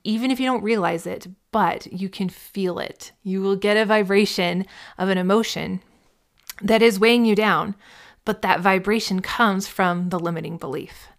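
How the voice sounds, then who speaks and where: A woman business coach talking through a podcast episode in an earnest, encouraging, conversational way. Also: on the low side. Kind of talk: podcast monologue.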